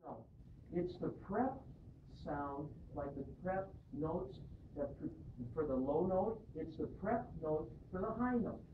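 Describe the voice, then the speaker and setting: A man evaluating and coaching a barbershop chorus, animated and encouraging as he explains vocal technique. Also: on the high side, slow, distant mic. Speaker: singing judge. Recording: echoey room picked up from afar on a lo-fi, noisy device.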